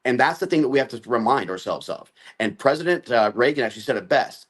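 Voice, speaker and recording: A man's voice: medium pitch, animated, fast talker, husky. A man speaking as a guest on a political talk show, listing his points in long assertive runs.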